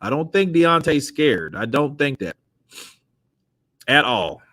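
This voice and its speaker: A man hosting a casual boxing talk who is animated, laughs often and swears freely. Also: medium pitch, takes it slowly, no echo, clean studio sound. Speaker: host. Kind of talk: casual chat.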